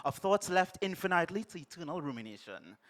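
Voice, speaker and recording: A man voicing a calm, long-winded female therapist, in a lower, hushed delivery. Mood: lofty calm. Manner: measured, hushed and wordy.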